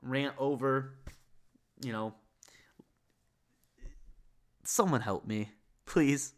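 A man's voice: mid-range voice, slow, pauses often. A young man hosting a podcast and delivering a solo rant with over-the-top comic outrage. He rambles, piling up fillers and restarts as he goes. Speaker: podcast host.

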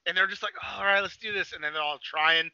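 A young man chatting on a podcast, excitable and swearing a lot, acting out scenes with sudden shouts. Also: sits high, fast talker, clear, resonant tone, no room sound, highs cut off. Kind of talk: excited casual chat.

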